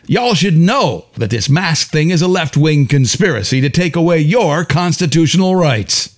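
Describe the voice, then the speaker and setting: A man voicing a hostile, ranting middle-aged customer with a rasping voice. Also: a little high, animated, normal speed, voice pushed up.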